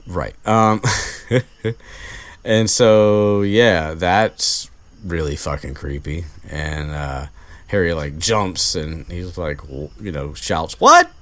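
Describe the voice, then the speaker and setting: Casual host, male, low voice, slow and rambling with lots of fillers. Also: no room sound. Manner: rambling, many fillers and restarts. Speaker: podcast host recapping a book. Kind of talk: casual chat.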